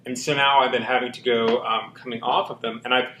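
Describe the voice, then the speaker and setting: A man's voice: medium pitch, little pitch movement, brisk, pushed and bright. A man with a slight lisp talks candidly as an interview guest, circling back with ums and restarts as he speaks earnestly. His voice carries an echo from the room around him, with a faint hum underneath. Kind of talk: candid personal storytelling. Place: walk-in closet, indoors.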